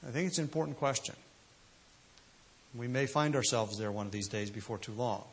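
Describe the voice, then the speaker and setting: A man's voice: medium pitch, brisk, breathy edge. A man preaching a sermon, emphatic and full of rhetorical questions. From United States. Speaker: pastor.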